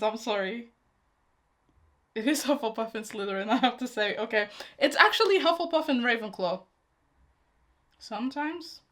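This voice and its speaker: A woman's voice: on the high side, a bit bright. Young woman reacting to a teen drama. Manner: emotional, talks back at the screen. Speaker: reaction video host. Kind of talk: casual reaction commentary.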